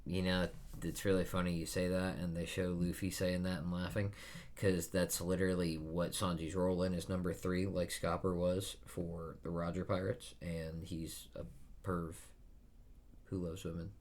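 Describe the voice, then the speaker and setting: A young man casually reading a manga chapter aloud and reacting, excitable and often laughing. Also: low voice, normal speed. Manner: excitable, laughs often, jumps into loud bursts.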